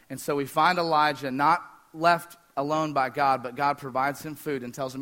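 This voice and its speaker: A man preaching a sermon, fast-talking, energetic and joking with the congregation. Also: a little high. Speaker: pastor.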